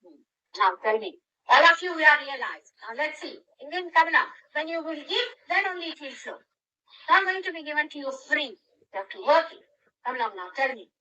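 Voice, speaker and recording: A grandmother in her later years leads a spiritual gathering and tells her followers plainly what to do. Her voice sits high and sounds bright and clear. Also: lively intonation, fairly quick, poor audio. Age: older. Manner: instructive, directive. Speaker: spiritual teacher.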